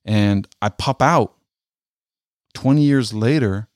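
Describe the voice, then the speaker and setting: Earnest middle-aged veteran telling a story. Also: male voice, fairly low pitch, a little mellow, no room sound, clean studio sound. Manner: earnest, halting, repeats words as he tells it. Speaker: military veteran. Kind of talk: personal storytelling monologue.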